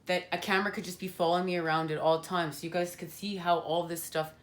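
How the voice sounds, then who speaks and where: A woman's voice: lowish voice, flat delivery, quick pace. A woman giving a spiritual tarot card reading at home, talking earnestly and passionately with a rambling flow.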